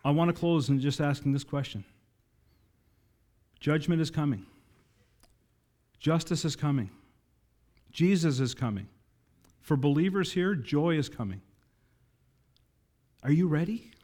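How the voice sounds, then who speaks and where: A man's voice: a little high, expressive, a little slow, pauses often, darkish tone. A man preaching a sermon, building to emphatic, rousing climaxes and talking directly to his congregation. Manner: preaching with rising emphatic climaxes and audience asides. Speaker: pastor.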